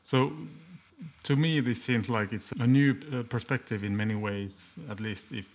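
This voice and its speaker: A man's voice: mid-range voice, fairly even intonation, moderate pace. Man interviewing, voice trailing off. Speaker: interviewer, host. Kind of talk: conversational interview.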